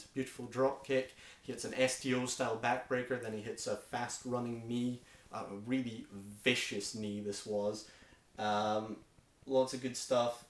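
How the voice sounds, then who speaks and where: A man with a Scottish accent reviewing a wrestling show in a casual, opinionated way, full of enthusiasm and frequent ums. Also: mid-range voice. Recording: echoey room.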